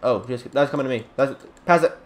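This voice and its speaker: A man casually commentating his own football video game match, excitable and trash-talking the referee. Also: mid-range voice, quick pace, slight background noise. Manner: excitable, yells at the referee, playful trash talk. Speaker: gaming YouTuber.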